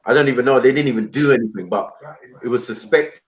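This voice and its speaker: A man tells a story in casual slang at a middling pitch. His audio sounds muffled and dull. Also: quick pace. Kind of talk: casual chat on stream.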